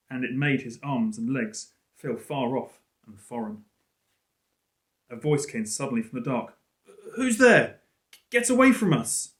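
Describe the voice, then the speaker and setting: A male teacher reading a storybook aloud in an expressive, lively way. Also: mid-range voice. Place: school room. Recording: roomy echo.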